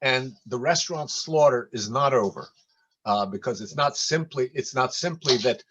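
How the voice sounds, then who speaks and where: A man's voice: medium pitch, normal speed, a bit bright, breathy edge. An older man telling rambling, folksy stories in a casual community talk over a video call.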